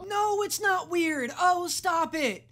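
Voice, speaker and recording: A woman hosting a reaction video, giving casual, sarcastic commentary, swearing freely and often yelling at the screen. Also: extremely high pitch, lively intonation, takes it slowly.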